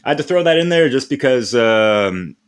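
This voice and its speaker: A man's voice: medium pitch, expressive, moderate pace, clear, resonant tone. A man hosting his own live stream in a casual, rambling way, using street slang and laughing often as he talks.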